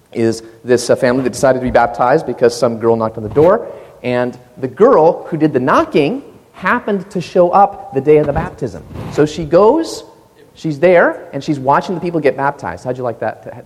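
A man preaching a sermon, telling stories with animated rises and quiet asides, recorded in a church hall. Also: medium pitch, brisk, breathy edge. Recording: long hall reverb.

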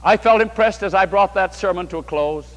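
A man's voice: sits high, brisk, fairly bright tone, big-room sound. A man preaching a sermon to a large congregation, from New York State, in a fervent, rising and falling delivery. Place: large hall before a congregation.

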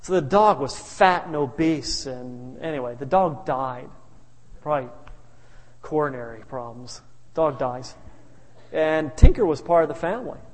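A man's voice: fairly high pitch, expressive, measured pace. A male pastor telling stories in a sermon, humorous and anecdotal with chuckling asides. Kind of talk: sermon storytelling. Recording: reverberant hall.

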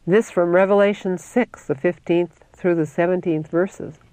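Slow, solemn reader of devotional text. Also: mid-range voice, steady tone, warm tone, no echo. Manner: slow, solemn, deliberate reading with scripture citations. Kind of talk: scripted religious reading.

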